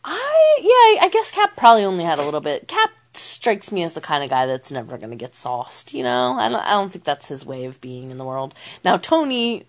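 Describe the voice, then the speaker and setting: A woman's voice: low-pitched, huge pitch swings, fairly quick. A woman co-hosting a podcast in casual chat, talking easily with lots of "um" fillers. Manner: chatty, many "um" fillers, laughs easily. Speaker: podcast co-host.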